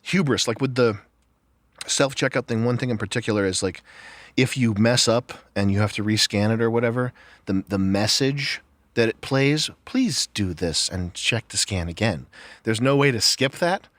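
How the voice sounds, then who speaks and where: A man's voice: mid-range voice, moderate pace, fairly bright tone, dry recording. A man co-hosting a casual podcast chat, sarcastic and piling up long, incredulous rhetorical questions. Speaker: podcast co-host.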